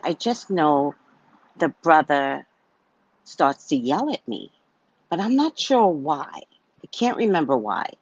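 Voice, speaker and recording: A woman's voice: low-pitched, big pitch swings, takes it slowly, pauses often, muffled recording. A woman telling a personal story in a casual monologue, blunt and swearing freely as she acts out a heated argument. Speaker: psychic reader sharing a personal story.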